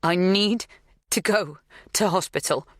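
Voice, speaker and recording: A woman's voice: fairly low pitch, measured pace, dry recording, clean studio sound, voice pushed up, close to an everyday voice. A woman voicing a frightened young pregnant woman in labour, her voice small and panicked.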